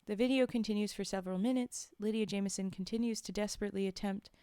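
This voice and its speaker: A woman's voice: medium pitch, steady tone, quick pace, mellow, smooth, dry recording. A woman reading horror stories aloud on a live stream, with casual asides between passages, recorded on a close microphone. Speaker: streamer and storyteller.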